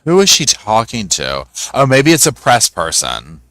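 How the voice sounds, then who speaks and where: A man's voice: medium pitch, wildly swooping pitch, measured pace, a bit bright, no echo. A man hosting a casual live stream, mocking people with funny voices and cheerfully greeting viewers by name. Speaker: host. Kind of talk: live stream commentary with chat. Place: at home.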